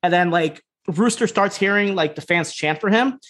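A man's voice: high voice, normal speed, fairly bright tone. A man co-hosting a podcast, recapping episodes in a rambling, casual way, swearing freely and acting out the characters' lines. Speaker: podcast co-host.

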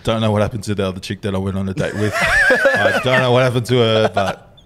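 A man's voice: lowish voice, huge pitch swings, brisk, heavy background noise. A young Australian man co-hosting a podcast, telling crude stories in casual banter and laughing often. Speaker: podcast co-host.

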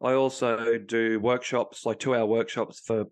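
A man's voice: medium pitch, flat delivery, unhurried. A man, a coach, talking casually and bluntly in a podcast interview, swearing freely as he tells stories. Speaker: high performance coach.

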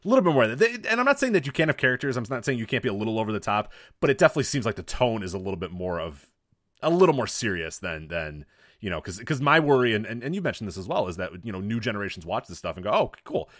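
Male podcast co-host, low voice, quick and rambling. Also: big pitch swings, fairly bright tone, no echo, clean studio sound. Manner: rambling, fast, casual swearing. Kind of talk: casual chat.

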